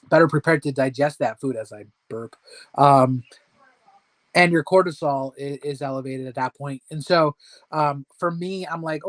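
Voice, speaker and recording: A man's voice: medium pitch, no echo. A man hosting a casual weight-loss support chat from home, talking in a rambling, self-deprecating way with laughs.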